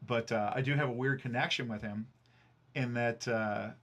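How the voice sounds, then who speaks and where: A man casually telling road stories from his band days, profane and animated, full of fillers. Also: medium pitch, moderate pace. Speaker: streamer and band frontman. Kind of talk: casual storytelling chat. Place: recording studio.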